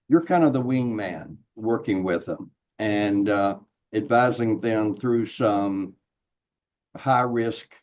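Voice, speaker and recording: An older man, a guest consultant, explaining ideas in a measured, thoughtful way. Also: on the low side, mellow, muffled recording. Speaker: guest expert, management consultant.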